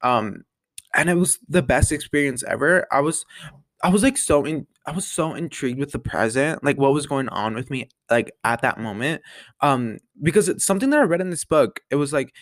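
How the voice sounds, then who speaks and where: A man's voice: fairly high pitch, animated, normal speed, fairly bright tone, no room sound. Chatty young man with a dry voice. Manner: rambling, full of "like" and "um" fillers, chatty. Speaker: podcast host. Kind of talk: casual solo podcast chat.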